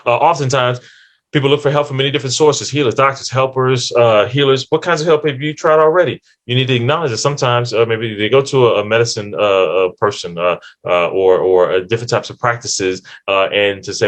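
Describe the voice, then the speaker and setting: A man's voice: medium pitch, a little fast. A man giving a conversational lecture to counseling students, acting out short client and therapist exchanges. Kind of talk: lecture with acted client dialogues.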